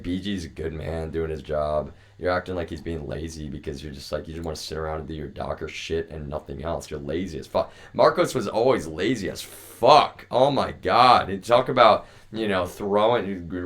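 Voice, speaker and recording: A man with a deep, low voice rants heatedly on a live stream. He is profane and repetitive, and he talks straight to his viewers in a casual register. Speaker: livestreamer. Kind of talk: angry ranting stream talk.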